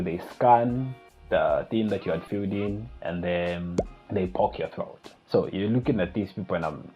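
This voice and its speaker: A young man vlogging, retelling a night of panic in a casual, animated storytelling way. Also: deep voice. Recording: slightly dull lo-fi recording with faint music.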